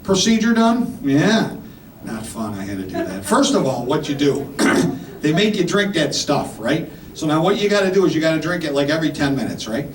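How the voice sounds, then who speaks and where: A fifty-year-old man telling stand-up jokes in a rambling, punchy way, with a voice a touch higher than most men's. He sounds set back from the mic in an echoey club, with crowd noise and laughs behind him. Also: big pitch swings, moderate pace, recorded from a distance. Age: 50s. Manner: punchy, rambling delivery with frequent "right?" and "man". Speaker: stand-up comedian. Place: comedy club stage. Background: audience laughter.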